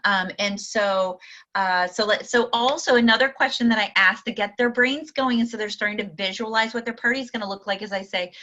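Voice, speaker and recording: Chatty bright-voiced woman sales coach. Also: mid-range voice, brisk, highs cut off. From Akron, Ohio. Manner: chatty, lots of fillers, acts out dialogue. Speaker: direct sales party consultant and coach. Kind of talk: casual coaching talk.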